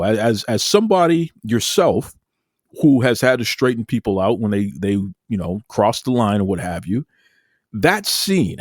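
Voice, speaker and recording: A man co-hosting a podcast, retelling film scenes with animated, restart-heavy storytelling. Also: mid-range voice, no room sound, studio quality. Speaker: podcast co-host. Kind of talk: casual podcast chat.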